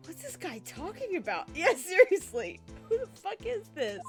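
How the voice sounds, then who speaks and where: A woman streaming a video game, reading its lines aloud and reacting with excitable, swearing commentary. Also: very high voice, moderate pace, few pauses. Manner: excitable, swearing, laughing often. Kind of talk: let's play commentary, reading dialogue aloud. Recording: game music behind. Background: video game music.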